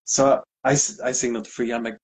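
Guy with a husky voice telling a story, acting out what people said. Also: medium pitch, quick pace. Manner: animated anecdote, acts out quotes. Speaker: guest DJ. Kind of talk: casual storytelling interview.

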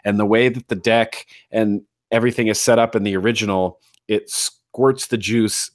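A man's voice: on the low side, fairly even intonation, normal speed, no echo, clean studio sound. A man talking as a guest in a casual interview, enthusiastic and repeating phrases for emphasis. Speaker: guest, atomizer designer.

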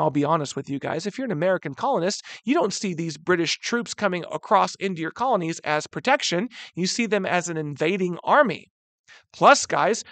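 A man in his thirties teaching a history lesson, animated and chatty, often calling the students "guys". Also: sits high, dry recording. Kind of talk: classroom lecture.

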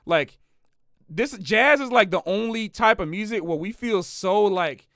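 High, bright-voiced man chatting casually. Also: unhurried, dry recording, clean studio sound. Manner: animated, slangy, repeats phrases for emphasis. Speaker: jazz musician hosting a livestream. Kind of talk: casual livestream chat.

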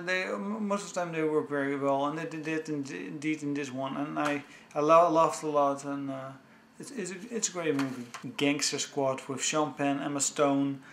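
A man chatting casually about films he owns, talking with enthusiasm in a halting way full of restarts. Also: on the high side, gravelly, a bit bright, a little hiss or hum. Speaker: movie vlogger. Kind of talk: casual home-video review. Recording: echoey room.

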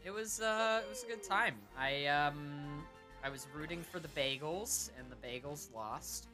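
A young man chatting hesitantly while playing a party game, stumbling over fillers. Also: a little high. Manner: hesitant, halting, full of uhs. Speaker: co-player. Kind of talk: casual gaming banter. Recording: game music clearly behind.

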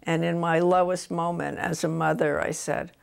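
An older woman author from New Jersey, telling stories about her books in a relaxed interview at home. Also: on the low side, normal speed, creaky, smooth. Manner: animated anecdotes, voices quotes of her son.

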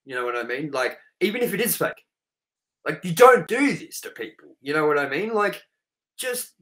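A man's voice: on the high side, very animated, normal speed, fairly bright tone. Aussie guy on a podcast, swearing a lot, all fired up and ranting. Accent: Australian. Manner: profane, heated ranting. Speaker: podcast co-host. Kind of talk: casual podcast chat.

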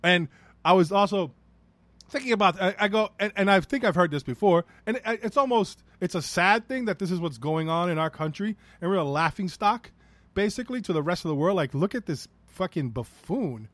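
A man's voice: high-pitched, lively intonation, fairly quick, a bit bright, no echo. A man with a New York accent ranting through a solo podcast episode, profane and rambling, talking in a heated way. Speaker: podcast host.

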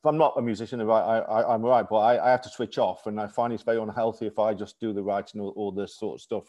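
Man, forties, interviewer, lowish voice, chatty, stumbles over questions. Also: fairly even intonation, fast talker, a little mellow, highs cut off. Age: 40s. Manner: chatty, stumbling questions, frequent agreeing backchannels. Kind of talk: casual interview chat.

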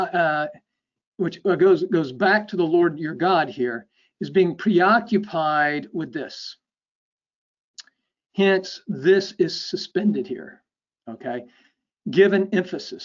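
In a dull lo-fi recording, a high-pitched man gives an academic lecture, explaining things step by step. He often checks in with "okay?" and lets the ends of his phrases fade off softly.

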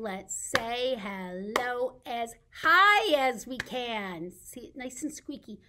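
A woman leading a recorded baby storytime at a library, talking in an animated sing-song way for babies and caregivers. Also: mid-range voice, takes it slowly, few pauses, background noise. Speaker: children's librarian. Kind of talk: baby storytime with songs and reading.

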